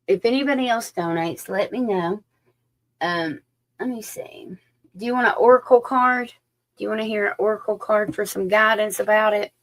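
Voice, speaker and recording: A woman's voice: mid-range voice, normal speed. A woman doing a chatty live psychic reading, folksy and informal, sometimes dropping into a whisper. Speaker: psychic reader. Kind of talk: live-stream tarot reading chat.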